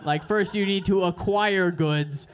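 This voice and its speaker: A young man doing a stand-up set at an open mic, with crude, deadpan, self-mocking delivery on a handheld stage mic. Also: sits high, unhurried, slight background noise. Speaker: stand-up comedian. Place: comedy club stage.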